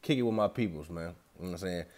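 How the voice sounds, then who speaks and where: Low-voiced young man. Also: racing, darkish tone. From Atlanta, USA. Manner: loose, slangy and profane, talks straight to viewers. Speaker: vlogger. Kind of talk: casual rambling vlog.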